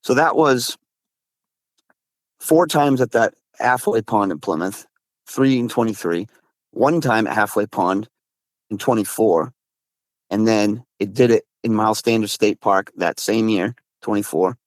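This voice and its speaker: A man from Massachusetts, a guest recounting his encounters in casual storytelling, excitable, with frequent restarts and slang. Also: lowish voice, a little slow, dry recording. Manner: excitable, swears, says dude a lot, frequent restarts.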